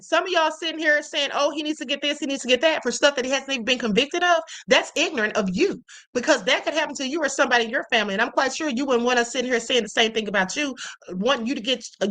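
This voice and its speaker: Bright high-voiced woman hosting a live stream. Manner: emphatic, preachy, reads comments aloud. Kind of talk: live commentary reading chat.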